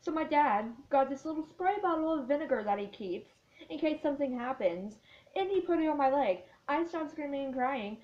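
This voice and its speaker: A woman's voice: high voice, lively intonation, normal speed. A teenage girl telling a story in a casual vlog, rambling with lots of filler words. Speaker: vlogger. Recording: dull lo-fi sound.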